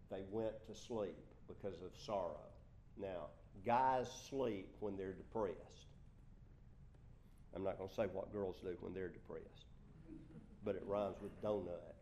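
A man's voice: on the low side, darkish tone, echoey room. A man preaching a sermon in a conversational way, with asides and small jokes. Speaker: pastor.

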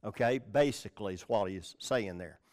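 A man's voice: fairly low pitch, normal speed, a little mellow. A male pastor teaching from the Bible in a conversational sermon, reading scripture with stress on key words and often checking in with the listeners. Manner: conversational, checks in with "all right?" and "okay?".

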